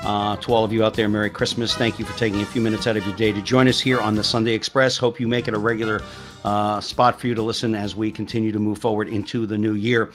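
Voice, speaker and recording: A man's voice: on the low side, flat delivery, fast, faint music behind. A man hosting a live radio show, introducing his guest in an upbeat way and asking her to tell a story. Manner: upbeat introductions, with short listening murmurs. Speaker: radio host.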